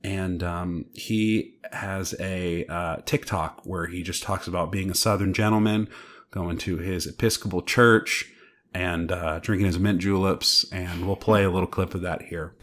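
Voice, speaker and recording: A man's voice: low-pitched, fairly even intonation, unhurried, fairly bright tone. A man co-hosting a podcast, chatting casually in a rambling, enthusiastic way with lots of fillers. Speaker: podcast co-host. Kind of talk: casual chat.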